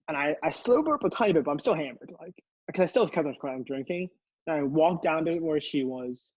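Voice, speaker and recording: A man's voice: on the high side, lively intonation, a little fast, breathy edge, no room sound, muffled recording. A young man, a podcast co-host, telling a long story in casual chat, rambling and laughing, with many restarts. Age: young adult.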